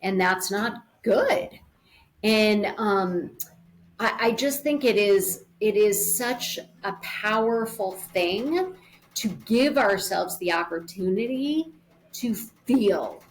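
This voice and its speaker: A woman's voice: mid-range voice, expressive, takes it slowly. A woman guest in an interview, speaking in an earnest, thoughtful way and explaining her ideas through vivid imagery. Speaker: podcast guest on grief. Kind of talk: reflective conversational interview.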